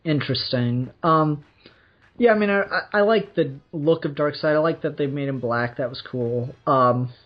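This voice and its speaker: A man's voice: fairly high pitch, normal speed. A man co-hosting a casual comic book talk, rambling and hesitant with many ums, but enthusiastic. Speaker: podcast co-host. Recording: dull lo-fi recording with faint music.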